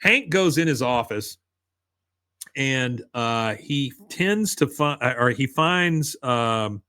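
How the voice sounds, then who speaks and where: A man's voice: mid-range voice, lively intonation, slow pace, bright, forceful tone, no room sound, studio quality. Rambling man recapping a cartoon episode. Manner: rambling, loose narration with many fillers. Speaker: podcast host. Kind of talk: casual plot recap.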